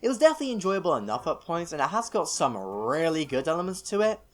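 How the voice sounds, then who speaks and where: A man's voice: a little high, sing-song, fast. A young British man reading a scripted film review, opinionated and self-mocking with rambling asides. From United Kingdom.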